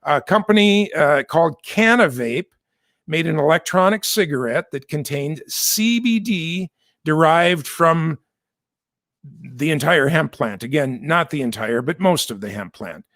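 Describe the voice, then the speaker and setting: An American man talks through the news in a loose, conversational way, wandering into asides and correcting himself as he goes. His voice sits a little high for a man. The recording is dry and close, with no room sound. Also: animated, unhurried, fairly bright tone, no echo. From United States. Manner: chatty, digressive, self-correcting with asides. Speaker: host. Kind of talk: casual news commentary.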